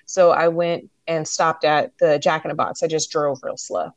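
A young woman from California, co-hosting a casual podcast chat and telling stories with animated quoted asides. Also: deep voice, normal speed, dry recording. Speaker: podcast co-host.

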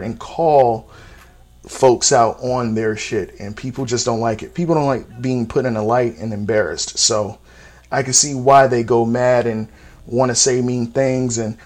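A man's voice: medium pitch, moderate pace. Blunt, opinionated man in his thirties. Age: 30s. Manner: voice jumps up sharply for emphasis. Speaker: podcast host. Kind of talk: casual solo podcast monologue.

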